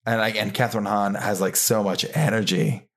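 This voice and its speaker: A man's voice: lowish voice, fairly even intonation, normal speed. A man co-hosting a podcast in a casual chat, joking in a dry way. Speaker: podcast co-host.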